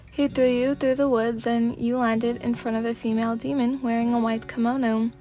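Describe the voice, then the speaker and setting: A woman narrating a fanfic as a sleepy ASMR reading, in a calm, steady storybook manner. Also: fairly high pitch.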